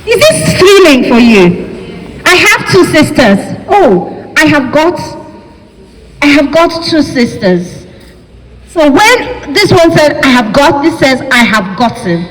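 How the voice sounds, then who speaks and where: A woman's voice: sits high, very animated, takes it slowly, fairly bright tone. A woman with a Nigerian accent giving a classroom lecture, chatty and asking the class questions. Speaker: university lecturer. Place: lecture hall. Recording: echoey hall with faint ambience.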